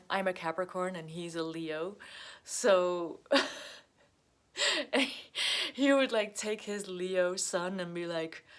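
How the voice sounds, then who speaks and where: A woman telling a personal story in a casual, rambling way, often laughing and acting out what others said. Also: on the low side. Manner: rambling, laughs often, acts out quoted voices. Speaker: astrology vlogger.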